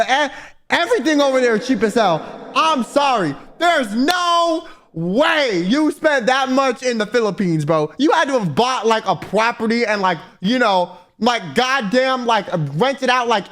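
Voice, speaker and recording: A man reacting to a video in casual commentary, excitable and mocking, full of slang. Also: high-pitched.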